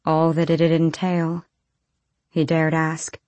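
A woman narrating a fantasy audiobook in a measured, low-key storytelling manner. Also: monotone, darkish tone, dry recording.

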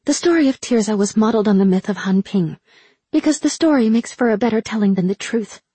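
A woman voicing a somber young woman soldier who speaks flatly. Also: mid-range voice, fast, breathy edge, no echo, pitched above the performer's own voice. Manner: flat, somber.

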